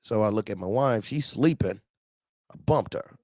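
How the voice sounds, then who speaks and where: A man telling a profane, animated story about his truck. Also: lowish voice, normal speed, no echo, studio quality. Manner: profane, animated, acts out other voices. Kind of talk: casual storytelling.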